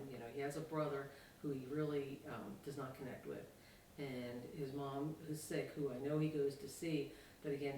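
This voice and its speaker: A man's voice: medium pitch, a little mellow, a little hiss or hum. A man who works at a school speaks about his host child in a documentary interview, thoughtful and hesitant, with many fillers. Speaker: school staff member and Kenny's host parent. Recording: echoey room, mic at a distance.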